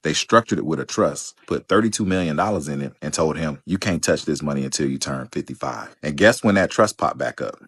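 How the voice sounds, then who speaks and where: A man's voice: extremely low pitch, expressive, a little fast, hardly any pauses, a bit bright, slightly rough, no room sound, studio quality. A man narrating a commentary in a conversational storytelling way, posing rhetorical questions. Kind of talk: scripted narration.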